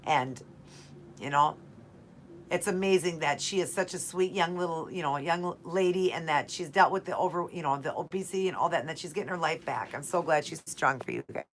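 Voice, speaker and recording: Lower-voiced woman hosting a heartfelt live stream. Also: a little fast, a little hiss or hum. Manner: heartfelt, repetitive, addresses viewers directly. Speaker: host of a live keto Q&A stream. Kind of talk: live-stream chat to viewers.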